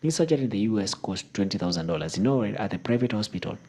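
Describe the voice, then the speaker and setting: Breathy low-voiced man making a political point. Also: expressive, quick pace, a little mellow. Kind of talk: political commentary clip.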